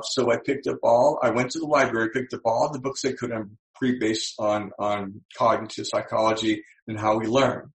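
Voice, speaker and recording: An older man in his seventies gives a motivational talk with a gravelly voice. He tells stories and slows down to stress his key points. The sound carries a roomy echo. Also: mid-range voice. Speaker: speaker.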